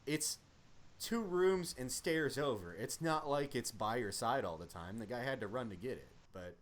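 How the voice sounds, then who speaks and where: A man's voice: medium pitch, lively intonation, normal speed. A young man and army veteran, casually telling profane, rambling stories about his service. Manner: profane, rambling war storytelling. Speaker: army veteran podcast guest. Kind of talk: casual chat.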